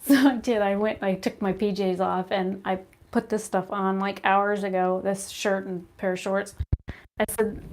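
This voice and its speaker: A woman chatting to a phone camera at home, rambling and animated as she tells stories between makeup steps. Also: medium pitch, normal speed. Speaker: beauty vlogger. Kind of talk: casual chat while doing makeup. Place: her home, indoors. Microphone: phone camera at arm's length.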